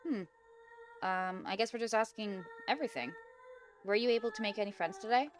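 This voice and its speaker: A young woman reads an interactive horror game aloud in a casual, chatty way, often giggling and tripping over her words. Her voice sits at an ordinary middle pitch, with faint music playing behind her. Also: fairly quick. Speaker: gaming video host.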